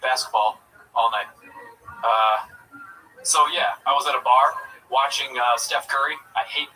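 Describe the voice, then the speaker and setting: A man doing a stand-up set, delivering crude jokes in a halting way with lots of fillers, then chatting about himself. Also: mid-range voice, bright, forceful tone, far from the mic, slight background noise, poor audio. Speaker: stand-up comedian, guest.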